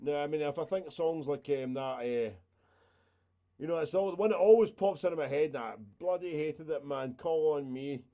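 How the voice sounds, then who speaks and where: A man's voice: fairly high pitch, moderate pace, dark tone. A man, casually walking through a music production session on a live stream, chatty and rambling with the odd swear word.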